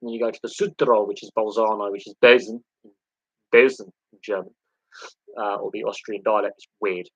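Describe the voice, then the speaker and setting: A man's voice: fairly low pitch, flat delivery, quick pace, few pauses, dry recording, lo-fi sound. A man hosting a casual live sports hangout, rambling with many fillers and restarts. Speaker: livestream host.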